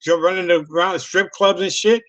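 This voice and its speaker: A man's voice: high-pitched, fairly even intonation, fairly quick, a bit bright. Rambling, profane New man host. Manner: loose, profane, repeats and restarts often. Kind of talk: casual interview with storytelling.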